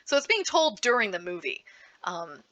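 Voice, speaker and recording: A woman gives an upbeat panel talk recommending comics and manga. Her voice is bright and forward. She talks in a lively, animated way, often restarting her sentences. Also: medium pitch, moderate pace. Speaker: librarian giving a book panel. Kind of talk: enthusiastic book recommendation talk.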